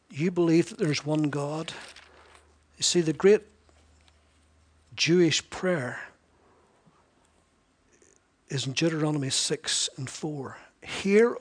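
A man's voice: fairly high pitch, breathy edge. A man preaching an expository sermon, emphatic and repetitive, with wry asides.

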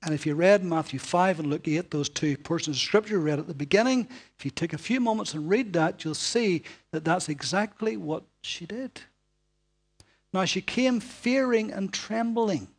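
A man preaching a sermon, dramatic, swinging from loud calls to hushed whispers and putting rhetorical questions to his listeners. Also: high voice, expressive, moderate pace, breathy edge.

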